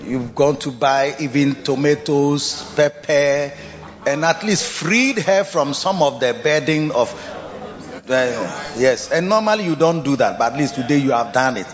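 A man preaching a sermon. He talks in an animated, repetitive way, laughs often and coaxes the listeners to repeat his words. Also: on the high side, measured pace. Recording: dull lo-fi sound in a reverberant hall with faint music.

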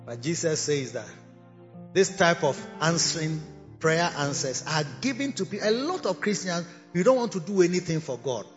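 A man's voice: on the high side, expressive, moderate pace. A man preaching as bishop and pastor, teasing and scolding his congregation and laughing mid-sentence. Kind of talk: preaching a sermon. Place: cathedral sanctuary. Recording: echoey hall, dull lo-fi sound, faint music.

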